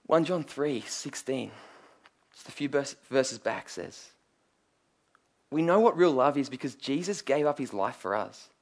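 A man's voice: mid-range voice, animated, a little slow. A man preaching a sermon, earnest and emphatic, telling stories and asking rhetorical questions.

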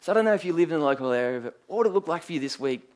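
An earnest male preacher, his voice sitting a little higher than most men's. He drives his points home with emphatic repetition and rhetorical questions, moving between scripture and personal stories. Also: animated, rapid-fire, a little mellow. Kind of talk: sermon.

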